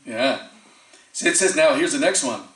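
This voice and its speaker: A man giving a storytelling sermon as a preacher, lively, acting out the quoted voices of the people in his story and chuckling often. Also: medium pitch, moderate pace. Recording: echoey temple hall from far off.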